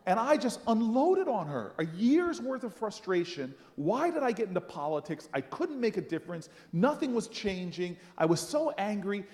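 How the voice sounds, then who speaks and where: A man, a senator speaking at a rally, telling a personal story in an animated, dramatic, self-mocking way in a large hall. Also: extremely high pitch. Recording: long reverb from a large hall.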